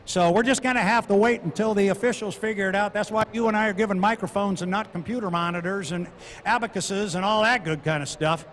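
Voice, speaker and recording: A man's voice: high-pitched, quick pace, fairly bright tone, slight background noise. A man working as co-announcer at a boat race, explaining the points with a folksy, joking, conversational manner. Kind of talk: live race commentary. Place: outdoors at a lakeside race course.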